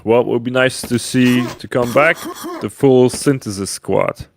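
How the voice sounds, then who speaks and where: A man from Poland banters playfully while hosting a game tournament stream. His voice has a middle pitch and faint noise runs under the voice chat. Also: measured pace, vocal fry. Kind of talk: casual chat.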